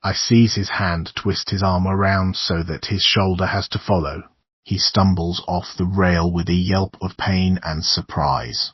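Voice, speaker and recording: A male horror audiobook narrator with a very deep, husky voice. He reads in an intense, dramatic first-person manner. The recording is dry and a little dull. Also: steady tone, a little slow, dry recording.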